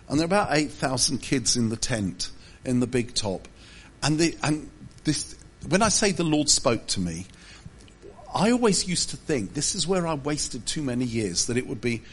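A man's voice: fairly high pitch, husky. A man pastor giving a humorous sermon, telling self-deprecating stories with asides. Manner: self-deprecating storytelling with jokes.

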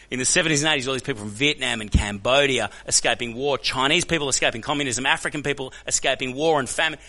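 An Australian man telling stories as a guest speaker to a church crowd, animated and joking, often putting questions to the audience. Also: fairly high pitch, fast, few pauses. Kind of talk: energetic storytelling talk to a church audience. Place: church hall.

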